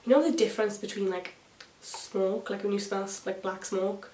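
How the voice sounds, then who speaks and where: A woman's voice: mid-range voice, steady tone, normal speed, a little mellow, distant mic. A young woman, a beauty vlogger telling a story while doing her makeup, chatty and swearing freely. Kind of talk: chatty get-ready-with-me vlog. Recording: echoey room, voice a bit off-mic.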